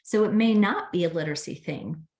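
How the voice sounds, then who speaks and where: A woman who is a speech-language pathologist, explaining ideas in an animated, teacherly way during an interview. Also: lowish voice, a little fast. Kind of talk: interview conversation. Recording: echoey room.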